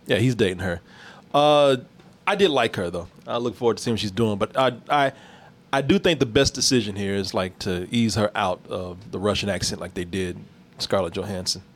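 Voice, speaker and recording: A man's voice: on the low side, a little fast. A man co-hosting a casual movie review chat, swearing freely and laughing often. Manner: profane, laughing, animated storytelling. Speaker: podcast co-host.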